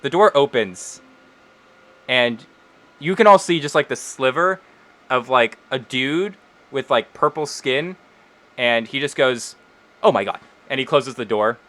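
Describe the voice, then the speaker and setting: A man's voice: mid-range voice, a little slow, pauses often, pushed and bright. A man narrating as game master in a tabletop game, speaking casually with many fillers.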